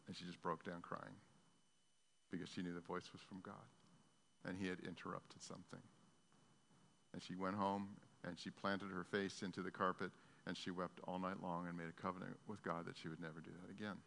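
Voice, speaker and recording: A male pastor preaching a sermon, telling a story in an earnest, halting way. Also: sits low, level tone, gravelly, fairly bright tone, a little hiss or hum. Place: church sanctuary. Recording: long hall reverb.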